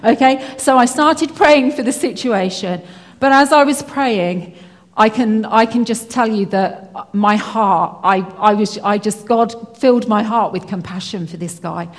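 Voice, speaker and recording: A woman's voice: fairly high pitch, measured pace. A woman telling a personal faith story in a chatty way, with lots of fillers and restarts. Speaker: Christian speaker. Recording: hall with long reverb.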